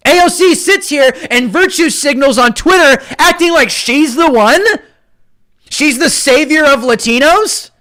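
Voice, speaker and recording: A man hosting a live stream, ranting about politics with heated passion, often shouting and taunting his viewers. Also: very high voice, a little slow. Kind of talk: political commentary rant.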